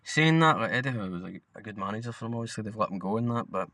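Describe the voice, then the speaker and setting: Sweary Scottish lad with a bright voice. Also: male voice, on the low side, animated, very fast, no echo. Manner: sweary, blunt, rambling. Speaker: podcast co-host. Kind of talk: casual football chat.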